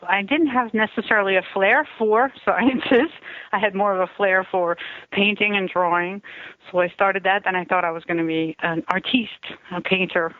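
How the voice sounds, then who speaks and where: A woman speaks over a tinny telephone line, her voice dry and close with no room around it. She is a guest musician in a casual radio interview, recalling things slowly and reflectively. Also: fairly low pitch, no room sound.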